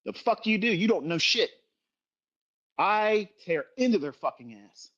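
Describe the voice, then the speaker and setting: A man's voice: high voice, expressive, a little slow, a bit bright, muffled recording. Profane, scolding middle-aged man. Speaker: trading educator. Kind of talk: livestream rant.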